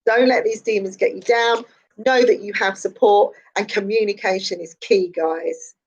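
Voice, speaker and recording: A woman, a psychic giving a chatty, encouraging morning pep talk on a live stream, slightly hoarse and laughing often. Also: mid-range voice, steady tone, normal speed, a little mellow, muffled recording.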